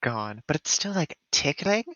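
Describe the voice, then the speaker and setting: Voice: medium pitch, very animated, normal speed, muffled recording, a crowd in the background. A tabletop game player chatting casually and laughing often. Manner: giggly, chatty.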